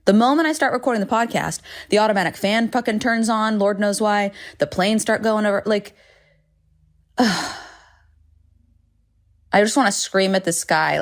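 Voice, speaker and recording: A woman's voice: medium pitch, moderate pace, long pauses. A woman hosting a solo podcast from home, talking candidly and rambling with frequent swearing and self-deprecating asides. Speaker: podcast host. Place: home, indoors.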